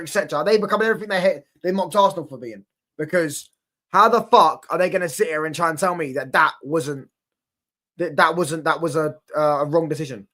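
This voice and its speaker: A man's voice: a little high, sharp tone. A brash, sweary young man giving rambling reaction commentary on football. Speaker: football watchalong streamer.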